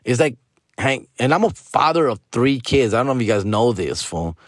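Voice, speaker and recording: A stand-up comedian from Los Angeles, telling a story in a loose, profane, slangy way with Spanish words mixed in. His voice sits at a middle pitch for a man. The sound is dry and close, with no room echo. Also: very animated, normal speed.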